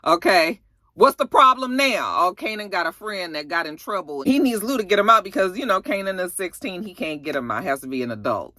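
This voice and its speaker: A woman talks through a TV episode like she's catching up with friends, animated and full of asides. Her voice is bright and forward, and the recording is close and dry with no room sound. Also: on the low side, quick pace, hardly any pauses, no room sound. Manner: chatty, animated retelling with acted-out quotes. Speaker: TV review vlogger. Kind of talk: casual recap review.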